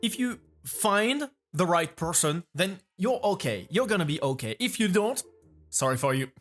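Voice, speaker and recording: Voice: mid-range voice, big pitch swings, normal speed. French-accented streamer rambling over faint music. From France. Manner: rambling, repeats and restarts phrases while thinking aloud. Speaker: vtuber reacting to a video. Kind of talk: casual reaction commentary.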